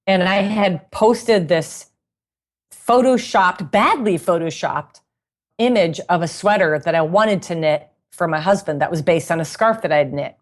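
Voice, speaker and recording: A woman with a fairly low voice tells stories to an interviewer. She talks in a chatty, animated way and laughs often. It sounds like a relaxed, casual conversation. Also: a little slow. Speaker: guest musician and knitting author.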